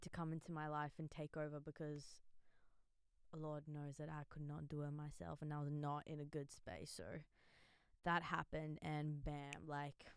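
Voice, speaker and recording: A woman's voice: low voice, clean tone, dry recording. A young woman telling her faith story in a casual, candid vlog, with lots of filler words. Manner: chatty and candid, many "like" fillers, laughs easily. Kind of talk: casual spoken testimony.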